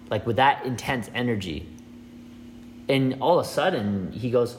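A man's voice: medium pitch, a little slow, slight background noise. A man in a casual, rambling monologue who repeats his words as he goes and acts out small scenes.

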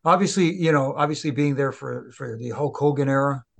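A man co-hosting a podcast who talks in an earnest, halting way and often restarts his sentences. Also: mid-range voice, gravelly. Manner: earnest, halting with repeated starts. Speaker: podcast co-host, former referee. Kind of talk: casual podcast chat.

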